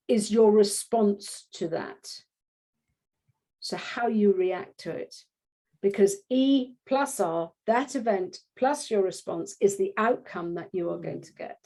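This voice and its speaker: A woman parenting coach talking in a casual interview, animated, restarting her sentences often and acting out little quotes. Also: medium pitch. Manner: animated, acts out quotes in voices; frequent restarts and filler phrases.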